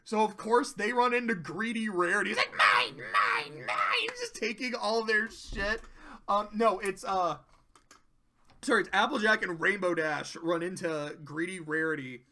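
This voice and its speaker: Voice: mid-range voice, fairly even intonation, moderate pace, bright, forceful tone, slight background noise. A commentator casually recapping cartoon episodes, rambling, swearing freely and laughing often.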